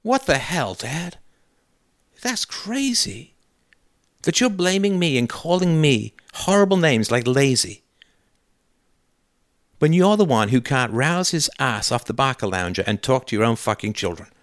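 A man with a mid-pitched voice argues hard on a call-in show, taking the part of a grown son facing his father. He talks in an emphatic, sarcastic way and swears freely. The studio sound is dry and close. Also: lively intonation, moderate pace, dry recording. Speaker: host role-playing a son confronting his father. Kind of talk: call-in show role-play.

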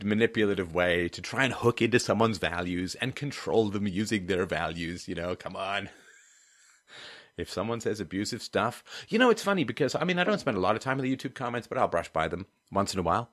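A deep-voiced man hosts a livestream and reads viewer comments aloud. He rants in a sardonic way, dropping to low mutters and then rising to loud, emphatic bursts. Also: animated, fairly quick. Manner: ranting, sardonic, swings between low mutters and loud outbursts. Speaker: host of a call-in and live-chat show.

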